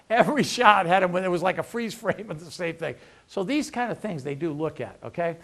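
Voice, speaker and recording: A middle-aged man giving an energetic career workshop talk, acting out dialogues and punchy sayings. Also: high-pitched, a little fast, creaky, hardly any pauses. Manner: energetic, lively, acts out dialogues. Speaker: veterans' employment representative.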